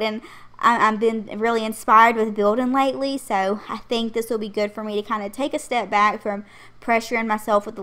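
A woman's voice: fairly high pitch, a bit bright. A young pregnant woman hosting her channel, chatting casually in a rambling voice-over with frequent laughter. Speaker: channel host. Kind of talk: casual voice-over chat over a game build.

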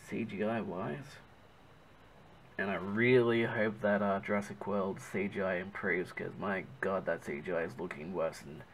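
A man's voice: lowish voice, vocal fry, a little hiss or hum, poor audio. A man with an Australian accent chatting casually as he narrates his drawing, often stopping to search for the right word. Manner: chatty, self-correcting, searches for words. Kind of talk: casual rambling commentary while drawing.

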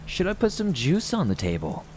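A man's voice: a little high, wildly swooping pitch, moderate pace, darkish tone, a little hiss or hum, pitched above the performer's own voice. Man voicing a sinister sing-song toy rabbit. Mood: falsely sweet. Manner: wheezing sing-song menace. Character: sinister male stuffed toy rabbit, falsely sweet. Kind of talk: horror story narration.

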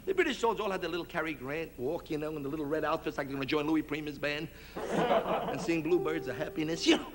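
A man's voice: fairly high pitch, fast talker. A man doing a brash stand-up comedy routine on a 1960s TV variety show, slipping into mock accents.

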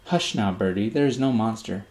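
A man voicing a gentle young mother who softly soothes her frightened child at bedtime in a storybook reading. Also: lowish voice, moderate pace, echoey room, natural voice. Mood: soothing.

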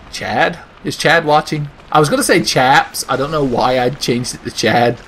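A man's voice: on the high side, normal speed, hardly any pauses, a bit bright, slight background noise. A man doing sarcastic, profane comedic commentary over gameplay, ranting and putting on silly voices. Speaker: gaming video host.

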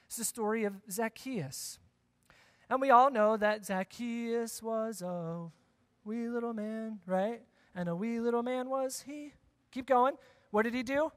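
A man preaching a sermon as pastor, talking conversationally, repeating key phrases and asking the congregation questions. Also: sits high. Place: church sanctuary. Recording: long church hall reverb.

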